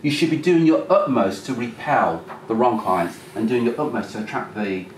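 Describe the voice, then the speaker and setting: A man presenting a live seminar to a room, lively and acting out phone calls. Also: medium pitch, moderate pace. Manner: animated, acts out phone calls. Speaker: workshop presenter. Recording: roomy, distant mic, faint noise.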